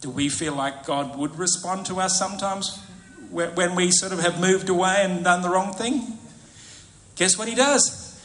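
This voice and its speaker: A man preaching a sermon in an animated way, often putting questions to his congregation. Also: high voice, moderate pace, reverberant. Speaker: pastor.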